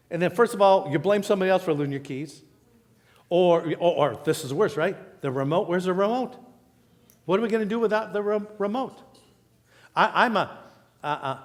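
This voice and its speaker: Man, pastor, higher voice, animated sermon storytelling, long hall reverb. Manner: storytelling, animated, quotes people in raised voice. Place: church auditorium.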